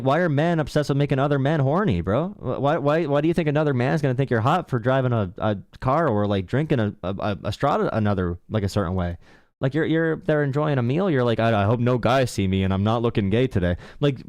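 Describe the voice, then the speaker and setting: A man's voice: mid-range voice, lively intonation, fairly quick, a little mellow, no echo, studio quality. A man hosting a live political call-in stream, ranting bluntly and mockingly. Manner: mocking, blunt, says bro a lot. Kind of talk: casual streaming rant.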